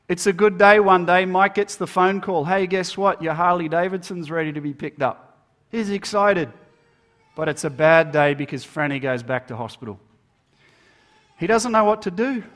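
Male minister, sermon, slightly high voice, storytelling, dramatic hushed drops. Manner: storytelling, dramatic swings between loud emphasis and hushed low delivery.

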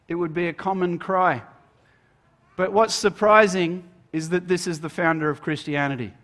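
A man, a minister, giving a Good Friday sermon as storytelling, swinging between emphatic lines and hushed, slowed ones. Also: sits high, fairly even intonation.

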